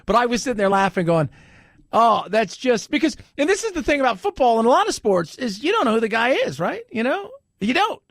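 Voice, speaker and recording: A man's voice: very high-pitched, big pitch swings, fairly quick, a bit bright, dry recording, studio quality. A man hosting a talk radio show, chatting casually and rambling, often laughing at his own stories. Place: radio studio. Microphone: studio microphone.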